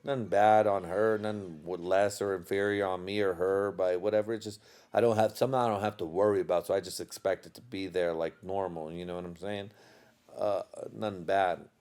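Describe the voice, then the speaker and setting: A slightly low-voiced man rambles through a casual podcast monologue, cursing freely and breaking into laughter. He sounds a little tipsy, loose and unfiltered as he talks straight to his listeners. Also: fairly even intonation, a little fast, a little mellow. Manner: profane, rambling storyteller with bursts of laughter. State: tipsy from drinking. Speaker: podcast host.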